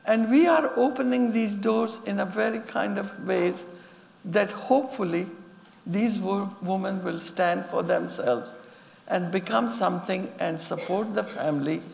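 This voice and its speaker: A woman who founded a girls' school, telling stories to an audience in an animated way and repeating phrases for emphasis. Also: medium pitch, measured pace, creaky, long reverb tail. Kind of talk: storytelling talk to an audience.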